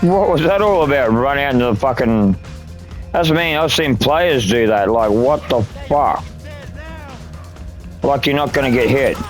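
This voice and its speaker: A man's voice: mid-range voice, expressive, a little fast, soft background music. A young Australian man from the Northern Territory, crudely commenting on his gameplay in casual chat and rambling off-topic. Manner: crude, swears freely, rambling asides. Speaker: gaming streamer.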